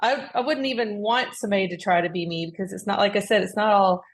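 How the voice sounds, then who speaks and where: Woman, podcast co-host, casual chat, animated storytelling, middle pitch, frequent restarts. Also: quick pace. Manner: acts out quoted speech with raised voice. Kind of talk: casual conversation, personal story.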